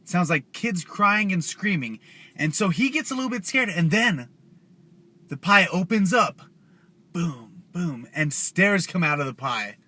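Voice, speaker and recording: A man's voice: high voice, expressive, a little slow, pushed and bright. A young man telling a scary story casually to his viewers, loose and chatty with slang asides. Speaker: YouTuber.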